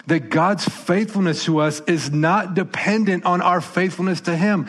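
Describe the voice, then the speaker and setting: A man preaching a sermon as pastor, conversational and emphatic, swinging between loud punches and soft, quiet lines. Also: on the high side, moderate pace, few pauses.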